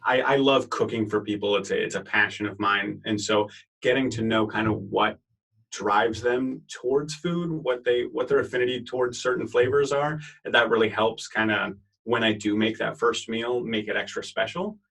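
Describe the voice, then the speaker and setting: Relaxed husky-voiced man, a bit off-mic. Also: fairly low pitch, normal speed, distant mic, rough recording. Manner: relaxed, easygoing, hesitant fillers. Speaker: guest, home cook. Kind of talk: casual interview chat.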